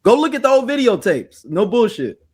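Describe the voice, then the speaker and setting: A man's voice: extremely high pitch, moderate pace, husky. A man hosting a podcast, joking and telling stories in loose, casual chat. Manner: loose, joking, animated storytelling. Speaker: podcast host.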